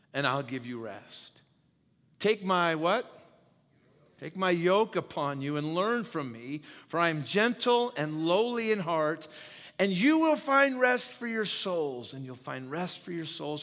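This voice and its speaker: A man's voice: a little high, fairly bright tone, in a large hall. A man preaching a sermon as pastor. He speaks emphatically, repeats key phrases and quizzes his listeners.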